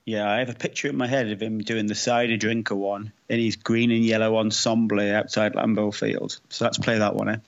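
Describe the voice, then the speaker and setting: A man's voice: lowish voice, flat delivery, brisk, gravelly, hardly any pauses. A man from England co-hosting a casual sports podcast, jokey and self-deprecating. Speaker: podcast co-host. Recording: dull lo-fi sound.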